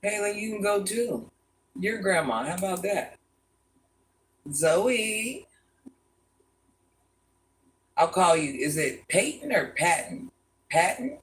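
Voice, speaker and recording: Blunt, gravelly older woman vlogger. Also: expressive, slow. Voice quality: deep, gravelly voice. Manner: blunt, chatty, calls viewers baby and hon. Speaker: vlogger reading live chat. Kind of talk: casual live-stream chat. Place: home room at a house.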